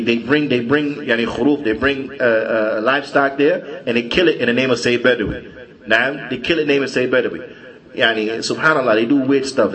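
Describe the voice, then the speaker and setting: Halting man teaching a class. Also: mid-range voice, fairly bright tone, rough recording. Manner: storytelling, halting with many restarts and repeated words. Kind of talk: conversational religious lecture. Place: mosque.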